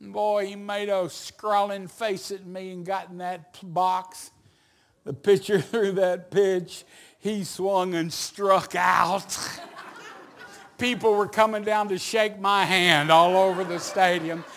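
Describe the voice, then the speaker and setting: A middle-aged male evangelist spins a story from the pulpit, his voice unusually high and bright. He takes his time, drawing out the phrases and then rising into shouts. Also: slow, slight background noise. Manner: animated storyteller, builds to shouts. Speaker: evangelist preacher. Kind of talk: storytelling sermon.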